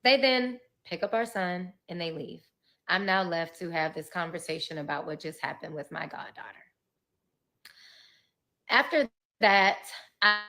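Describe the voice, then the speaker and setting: Woman, somewhat low voice, candid vlogger recounting her own life, emotional, cursing, nervous laughter. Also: sharp tone. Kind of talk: candid personal storytelling.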